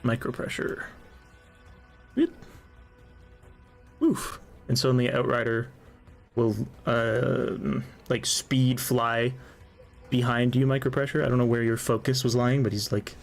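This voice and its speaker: A man's voice: mid-range voice, little pitch movement, a little slow, vocal fry, pauses often, faint music behind. A man running a tabletop role-playing game as game master, casually explaining the rules with plenty of fillers.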